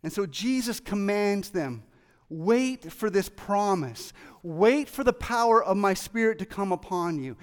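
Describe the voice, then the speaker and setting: A man preaching a sermon as pastor, excitable and animated, acting out the voices of people in the story. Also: high-pitched, a little slow, smooth. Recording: long reverb of a large hall.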